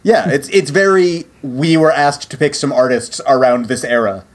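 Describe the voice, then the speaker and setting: A man talking casually as a podcast co-host, voice at an ordinary middle pitch. He rambles in an animated way, full of "like" and "you know", and jumps between thoughts. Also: moderate pace. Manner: animated, chatty, full of fillers. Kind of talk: casual chat.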